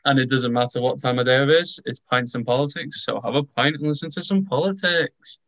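A man's voice: mid-range voice, brisk, fairly bright tone, no echo. A man co-hosting a casual podcast, talking in an upbeat and agreeable way. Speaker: podcast co-host.

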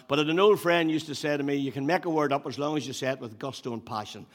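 A male pastor giving a sermon, building up to loud emphatic repeated phrases and dropping back to storytelling. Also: mid-range voice, fast talker, hardly any pauses. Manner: preaching with rising emphatic repetition. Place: church hall. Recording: long hall reverb.

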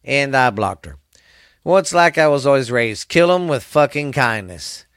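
A man's voice: medium pitch, animated, normal speed, a bit bright, clear, resonant tone, no echo, studio quality. A middle-aged man with a Southern US accent hosting his own podcast alone, rambling in a profane, fired-up drawl. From American South. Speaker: podcast host. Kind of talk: casual solo podcast rant.

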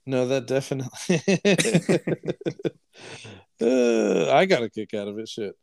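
A man co-hosting a casual podcast, talking in a loose, rambling way and laughing easily. His voice sits at an ordinary middle pitch. The sound is close and dry. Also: sing-song, slow pace, creaky, no room sound. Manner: chatty, laughs often, rambles between film titles. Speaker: podcast co-host. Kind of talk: casual chat.

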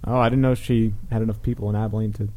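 A man's voice: lowish voice, level tone, rapid-fire, dark tone. A man hosting a casual podcast chat, joking and teasing his co-hosts in a loose, rambling way. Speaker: podcast host.

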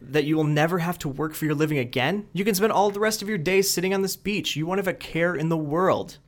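A man's voice: mid-range voice, lively intonation, fast talker, natural voice. A man voicing a stressed businessman who grows angry and insistent while telling a story. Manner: raised, insistent lecturing.

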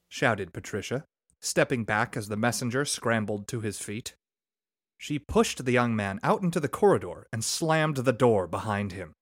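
A man reads a story from his home with a lively, expressive voice that rises and falls a great deal across each sentence. His voice sits in an ordinary middle register, recorded dry and close with no room sound. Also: mid-range voice, unhurried, dry recording. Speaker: story reader and podcast engineer. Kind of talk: scripted narration.

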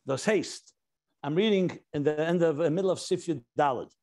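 A man with a notably high voice delivers a Torah lecture as a rabbi. He explains step by step, leans hard on key words and slips between English and Hebrew and Yiddish terms, reading quoted passages aloud. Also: fast, a little mellow. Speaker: rabbi teaching a class.

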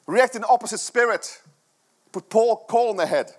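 A man's voice: sits high, normal speed. A middle-aged man preaching a sermon to his church, earnest and conversational, with many rhetorical questions. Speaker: pastor.

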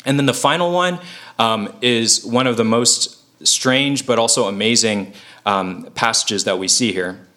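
Guy preaching in a chatty way, bright tone, earnest, lots of ums and likes. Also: medium pitch, unhurried. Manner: earnest and informal, many fillers and self-corrections. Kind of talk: conversational Bible teaching.

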